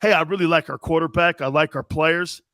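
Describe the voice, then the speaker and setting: A man doing an impression of a calm, evasive football general manager at a press conference, speaking in smooth, noncommittal phrases. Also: fairly high pitch, brisk, dry recording, clean studio sound, voice pushed down, natural voice. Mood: bland.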